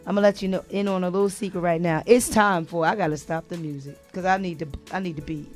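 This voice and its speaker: A woman co-hosting a live call-in talk show, hyping people up with quick, casual interjections. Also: lowish voice, steady tone, soft background music. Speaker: co-host.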